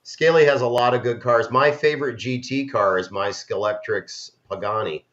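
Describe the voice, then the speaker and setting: An eager, enthusiastic man joining a casual chat as a guest. His voice has a middling pitch and comes through dull, lo-fi call audio. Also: normal speed, a bit bright.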